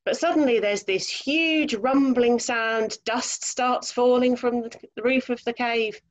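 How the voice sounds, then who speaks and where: A woman reading a children's story aloud over a video call, lively, expressive and chatty. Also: on the high side, a little slow.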